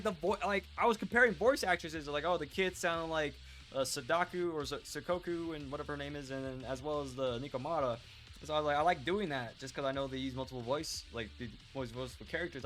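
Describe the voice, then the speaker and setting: A young man streaming a video game playthrough, talking in a rambling, excitable way with lots of fillers. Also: fairly high pitch, fairly quick, soft background music. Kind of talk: live gameplay commentary.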